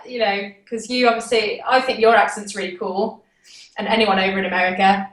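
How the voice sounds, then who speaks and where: A woman's voice: mid-range voice, little pitch movement, a little fast, recorded from a distance. A woman from the UK with a British accent, a guest actress chatting casually over a video call, easygoing and asking questions back. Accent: British English. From United Kingdom. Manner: easygoing, laughs often, asks questions back. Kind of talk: casual chat. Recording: roomy video call audio.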